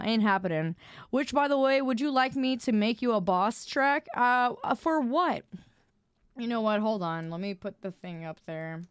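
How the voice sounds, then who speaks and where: A woman's voice: fairly high pitch, smooth, no room sound, studio quality. A young woman streamer chatting casually and rambling, laughing at herself as she trips over her words. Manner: giggly, rambling, self-mocking. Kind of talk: casual live-stream chat.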